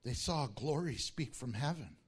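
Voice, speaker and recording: A male pastor preaching a sermon, animated and acting out the disciples' voices as he tells the story. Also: mid-range voice, normal speed, breathy edge.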